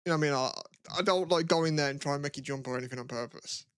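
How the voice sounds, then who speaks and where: A man's voice: a little high, racing, a bit bright, clear, resonant tone, no echo, studio quality. A young man, co-hosting a podcast in rambling, casual chat and laughing often. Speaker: podcast co-host.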